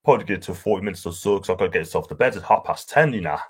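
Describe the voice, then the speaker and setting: A man with a broad North East English accent chats loosely on a live stream, warmly reading out his viewers' comments. His voice sits a little low, and his talk drifts from one point to the next in a friendly, rambling flow. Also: animated, racing, breathy edge. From North East England. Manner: rambling, chatty, affectionate with viewers. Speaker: livestream host.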